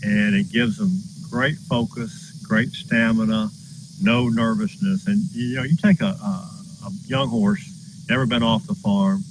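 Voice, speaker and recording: A man's voice: medium pitch, sing-song, measured pace, creaky, background noise. A man who runs a horse farm, telling a story in an earnest, folksy way while outdoors. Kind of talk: casual storytelling.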